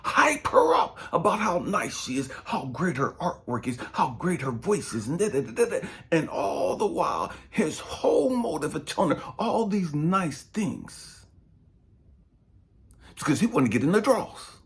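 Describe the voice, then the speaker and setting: A man's voice: sits high, sing-song, measured pace. Passionate, profane middle-aged man preaching. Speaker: spiritual coach and speaker. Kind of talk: impassioned motivational preaching.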